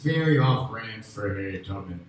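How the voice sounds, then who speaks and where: Rambling stand-up comic in an echoey room. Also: male voice, fairly low pitch, expressive, normal speed. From Memphis, USA. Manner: rambling, self-interrupting, loud bursts on punchlines. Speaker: stand-up comedian. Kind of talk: stand-up comedy set. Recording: echoey room with faint ambient noise.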